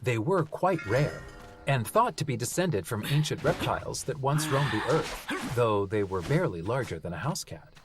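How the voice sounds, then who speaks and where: A reader narrating a fantasy novel aloud in an expressive storytelling manner. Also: mid-range voice, normal speed, over music. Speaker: audiobook reader. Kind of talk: audiobook narration.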